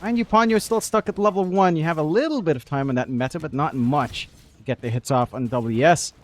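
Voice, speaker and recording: A man's voice: fairly high pitch, fairly quick. Upbeat esports caster, a man. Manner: playful, reads chat messages aloud. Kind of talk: esports commentary.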